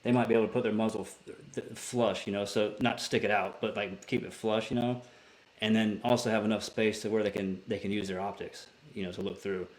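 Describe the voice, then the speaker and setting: A man's voice: fairly low pitch, steady tone, a little fast. A man, a military veteran and podcast guest, telling a story casually with plenty of swearing, restarts and filler words. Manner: profane, rambling with many restarts.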